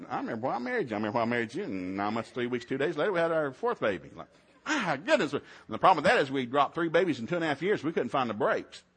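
A man's voice: medium pitch, husky. A middle-aged man, preaching a sermon in a folksy storytelling way. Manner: folksy storytelling, swings to loud shouted preaching. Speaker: pastor.

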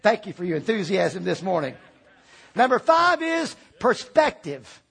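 A middle-aged man preaching with fervor, his voice pitched high and gravelly. He swings from loud cries down to quiet, close asides as he works the room. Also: sing-song, measured pace. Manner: impassioned preaching, swinging from shouts to hushed asides. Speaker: pastor. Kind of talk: sermon.

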